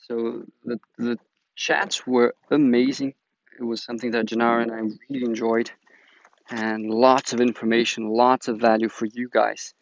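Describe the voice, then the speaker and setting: A man's voice: medium pitch, little pitch movement, moderate pace. A man, hosting an agroforestry channel and giving a chatty, enthusiastic announcement to viewers. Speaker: agroforestry teacher, channel host. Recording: dull lo-fi dry recording.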